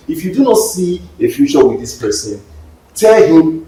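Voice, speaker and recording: A man on a podcast panel, speaking in a measured, deliberate way. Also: fairly high pitch, big pitch swings, mellow. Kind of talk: casual debate. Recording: echoey room, distant mic, faint noise.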